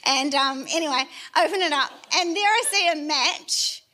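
A woman's voice: sits high, normal speed, bright, forceful tone. A middle-aged woman pastor, telling a personal testimony in a chatty, self-deprecating way with laughing asides. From New Zealand.

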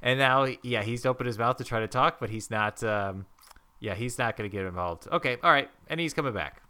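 A man co-hosting a comedy podcast, giving deadpan, dry commentary to listeners. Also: medium pitch, fairly quick, clean tone. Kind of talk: improvised comedy narration.

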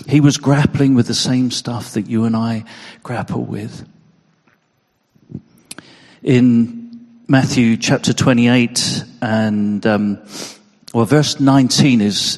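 A man's voice: mid-range voice, fairly even intonation, unhurried, darkish tone, in a large hall. A man preaching a sermon in an earnest way, emotional, often repeating words as he stresses a point.

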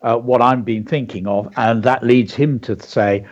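A man's voice: medium pitch, steady tone, unhurried. A man co-hosting a radio show, teaching children creative writing by walking through a story example step by step. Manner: walks through a story example step by step, reading lines aloud. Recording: dull lo-fi broadcast audio.

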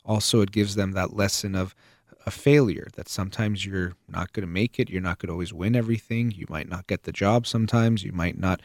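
A man with a fairly low voice talks earnestly about raising children, mixing a personal story with examples of what a parent might say. The sound is dry and close, with no room echo. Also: fairly even intonation, a little fast, a little mellow. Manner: earnest, explains with personal stories and quoted examples. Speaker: parenting advice speaker. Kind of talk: conversational advice talk.

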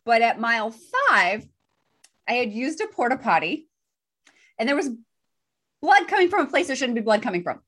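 A woman co-hosting a podcast, telling a personal story in casual chat with a lively, self-deprecating manner. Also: a little high, normal speed, long pauses. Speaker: podcast co-host.

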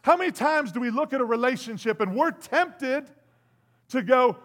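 Animated preaching man. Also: extremely high pitch, a little fast. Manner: animated, swings from loud to hushed, acts out quotes. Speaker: pastor. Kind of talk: sermon.

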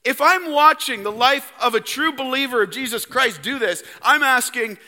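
A male pastor with a Canadian accent preaching a sermon in a church, emphatic and swinging from loud to hushed. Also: very high-pitched, normal speed, few pauses, big-room sound. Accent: Canadian English. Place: church sanctuary.

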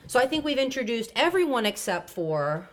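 A woman's voice: a little high, very animated, normal speed. A woman co-hosting a podcast, chatting casually and profanely, full of playful asides and impressions. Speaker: podcast co-host. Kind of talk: casual recap chat.

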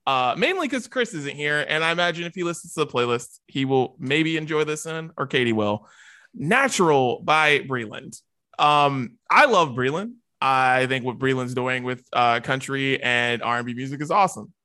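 A man's voice: mid-range voice, lively intonation, moderate pace, sharp tone, smooth. A young man co-hosting a casual music podcast, easygoing and self-deprecating, laughing often. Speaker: podcast co-host.

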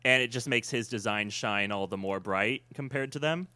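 A man co-hosting a casual podcast, his voice bright and forward. He talks in quick, opinionated bursts and laughs often. The sound is dry and close, with no room around it. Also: medium pitch, clear, resonant tone, no room sound. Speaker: podcast co-host. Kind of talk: casual chat.

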